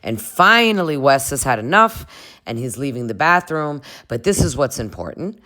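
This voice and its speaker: A vlogger talking through a reality show episode in a loose, gossipy way. The voice sits in an ordinary middle range. The delivery rambles, with fillers and quick laughs. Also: medium pitch, very animated, bright, forceful tone. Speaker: recap vlogger. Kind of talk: casual TV recap chat.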